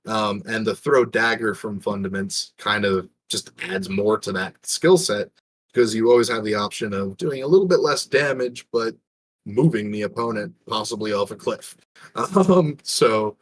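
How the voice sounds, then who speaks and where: A man's voice: on the low side, unhurried, breathy edge, no echo, poor audio. A man casually explaining game tactics, filling his talk with "um" and "right?". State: has the hiccups. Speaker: guest game analyst. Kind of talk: casual gaming chat.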